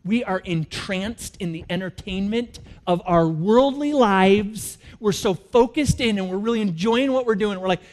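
A man preaching a sermon, telling stories in an animated way and swinging from loud to hushed. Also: high-pitched, moderate pace, hardly any pauses. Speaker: pastor.

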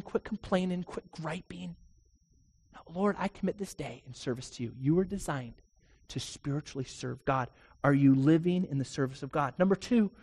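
A male pastor preaching a sermon earnestly, posing rhetorical questions to the congregation and slowing down on key phrases before leading a prayer. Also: on the high side, a little mellow. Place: church sanctuary. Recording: long reverb in a church hall.

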